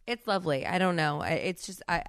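A woman's voice: on the low side, a little fast, smooth, dry recording. A woman in her thirties hosting a solo podcast, talking candidly with a stuffy, congested voice and frequent restarts. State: congested from a cold. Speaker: podcast host.

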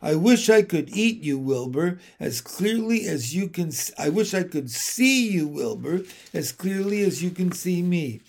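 A man voicing a kindly, refined female spider in a storybook reading, gentle and composed. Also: high-pitched, lively intonation, measured pace, creaky, hardly any pauses, heavily acted.

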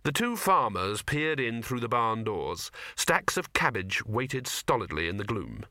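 A male narrator reading a comic fantasy audiobook with expressive storytelling. His tone is bright with a lively rise and fall, recorded close and dry. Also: mid-range voice, measured pace, dry recording. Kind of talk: scripted narration.

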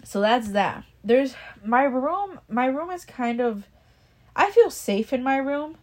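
A woman's voice: sits high, lively intonation, takes it slowly. A young woman casually telling a personal story, rambling, swearing a lot and restarting her sentences. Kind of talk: casual chat.

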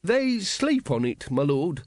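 A man's voice: a little high, big pitch swings, slow, a little mellow, dry recording, voice pushed up. A man voicing a nervous, fawning male city secretary who answers with precise deference in an audiobook. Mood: deferential. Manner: deferential, precise, keeps saying my lord. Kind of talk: audiobook character voice.

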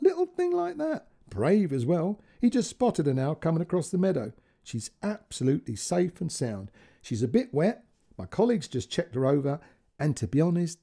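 A man's voice: on the high side, gravelly, warm tone, heavily acted. A storyteller voicing a friendly male ambulance worker who chattily reassures a worried mother over the phone, fumbling his words a little.

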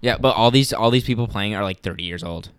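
A young man co-hosting a podcast, telling stories in an excited, rambling way full of "like". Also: on the low side, fast talker, clean tone, no room sound. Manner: excited, rambling storyteller with many "like"s. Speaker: podcast co-host. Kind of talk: casual chat.

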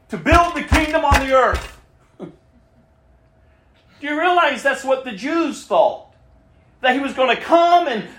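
A woman preaching a sermon with passion, repeating phrases and acting out the voices of people she quotes. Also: sits high. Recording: echoey room.

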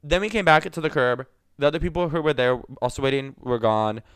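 A young man co-hosting a podcast, telling a story in a rambling, animated way with lots of likes and laughs. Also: mid-range voice, fairly quick, clean tone, no room sound, studio quality. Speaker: podcast co-host. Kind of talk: casual storytelling chat.

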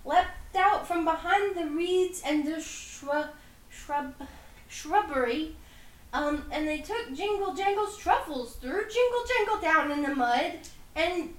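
A woman's voice: extremely high pitch, expressive, slow, fairly bright tone, echoey room, voice pushed up, exaggerated voice. A woman voicing a tiny, timid female goblin who is indignant and sad about being robbed. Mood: aggrieved.

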